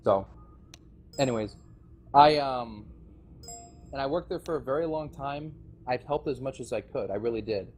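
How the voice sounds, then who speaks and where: Over a voice chat mic, a former game server staff member gives players an impassioned, rambling speech about the community he left, restarting often and laughing nervously. His mid-range voice is slightly mellow with a breathy edge, moving at a moderate pace with frequent pauses and soft background music.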